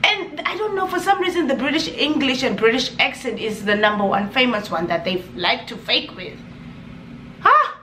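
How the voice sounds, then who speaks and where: A young Namibian woman with a Namibian accent, ranting in a casual vlog with exasperated, animated energy and laughing asides. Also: on the high side, brisk, hardly any pauses, reverberant, slight background noise. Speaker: vlogger.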